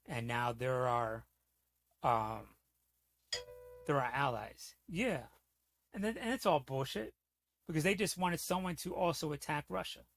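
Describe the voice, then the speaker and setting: A man's voice: fairly high pitch, unhurried, creaky, long pauses, a bit bright. A man streaming, ranting in a heated, profane, rambling way, often asking "you know what I'm saying". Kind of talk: casual livestream rant.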